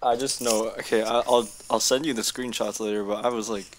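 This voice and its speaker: A man joining a casual podcast chat as a guest with quiet, offhand asides. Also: lowish voice, steady tone, a little fast, slight background noise.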